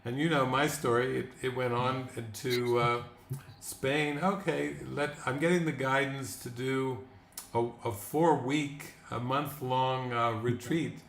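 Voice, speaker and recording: A man hosting a spiritual talk, speaking in a calm, reflective way. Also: medium pitch, a little slow. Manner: calm, reflective, frequent agreeing. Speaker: host. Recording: roomy with faint noise.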